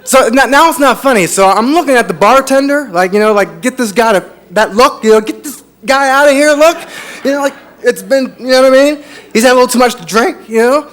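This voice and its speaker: High-voiced man telling a stand-up story. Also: expressive, fairly quick, a bit bright. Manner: rambling, repeats himself, laughs at own story. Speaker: stand-up comedian.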